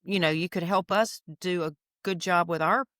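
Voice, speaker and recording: A smooth, clear voice from a Southern woman in her fifties, recorded close and dry on a podcast mic. She tells her stories in an animated way and acts out the other people in them. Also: lowish voice, normal speed, no echo. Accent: Southern American. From Alabama. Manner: animated storyteller acting out quotes. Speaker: guest. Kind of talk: casual storytelling.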